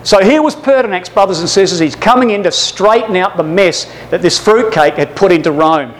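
A man preaching a sermon, telling history as a lively story with acted-out asides and often addressing his listeners as brothers and sisters. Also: sits high, a little fast.

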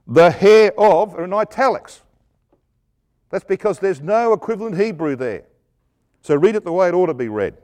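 A middle-aged man preaching a Bible exposition sermon, emphatic, asking rhetorical questions and swinging from loud stresses to hushed asides. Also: on the high side.

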